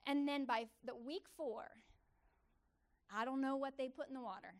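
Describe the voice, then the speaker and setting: Woman telling her story in church, a bit high, smooth clear voice, repeats stuff for punch. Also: normal speed. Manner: animated storytelling with emphatic repetition. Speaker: church speaker. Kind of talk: testimony sermon.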